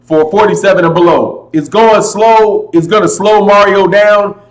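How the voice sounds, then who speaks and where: Loud animated man hosting a livestream. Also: sits high, normal speed. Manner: loud, animated, says "man" and "brother" a lot. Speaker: boxing channel host. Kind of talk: casual livestream chat. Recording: slight echo.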